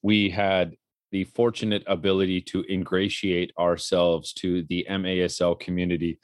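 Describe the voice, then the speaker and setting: A man in his thirties with a low, deep voice tells a story with animation on a casual talk show. The sound is dry and close, with no room around it. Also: normal speed, no echo. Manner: animated storyteller, acts out quotes. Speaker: podcast co-host and color commentator.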